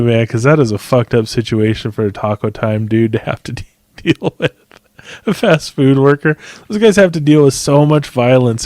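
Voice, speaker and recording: A male podcast host rambles through his talk with loose, looping sentences, frequent swearing and bursts of laughter. His voice sits at an ordinary pitch, and the sound is dry and close with no room around it. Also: darkish tone, no echo. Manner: rambling, profane, laughs often. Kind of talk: casual chat.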